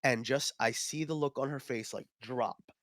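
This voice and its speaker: A man's voice: mid-range voice, moderate pace, no room sound, clean studio sound. Rambling man telling a story on a podcast. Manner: rambling, animated storytelling with many fillers. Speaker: podcast co-host. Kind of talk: casual chat.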